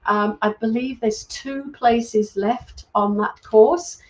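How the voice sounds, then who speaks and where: A middle-aged psychic medium, born in England and raised in Wales, slowly reads live comments on her casual livestream. Her voice is on the high side with fairly even intonation, the highs cut off, and she's chatty and warmly thankful, with frequent ums.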